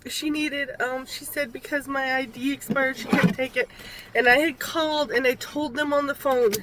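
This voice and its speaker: A woman's voice: high-pitched, steady tone, moderate pace, heavy background noise. A woman vlogging from a parked car into a phone camera, talking candidly and rambling, with fillers and the odd swear word. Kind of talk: candid personal vlog.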